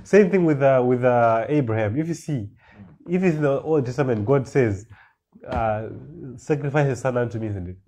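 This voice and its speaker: A mellow, mid-range male voice delivers a sermon, reading scripture at a slow pace before explaining it with building emphasis and words said again and again.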